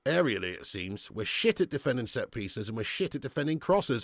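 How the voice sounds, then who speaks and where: A man hosting a live football watch-along, calling the play and chatting casually with viewers, swearing freely and swinging between excited shouts and weary sighs. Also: medium pitch, normal speed, hardly any pauses, no room sound, clean studio sound. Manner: casual and matey, thanks viewers by name. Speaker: fan channel host doing live match watch-along.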